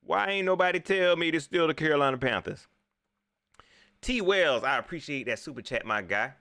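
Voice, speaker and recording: A man, hosting a casual live sports talk show, animated and talking straight to his viewers as he reads their chat. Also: a little high, moderate pace, smooth, no room sound, studio quality. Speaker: sports talk livestream host.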